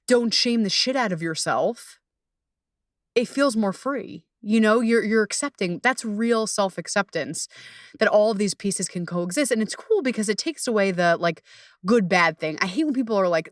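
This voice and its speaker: A woman's voice: mid-range voice, no echo, studio quality. A young adult woman hosting her own podcast as a coach, talking casually and animatedly, swearing freely and laughing often. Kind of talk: casual solo podcast talk.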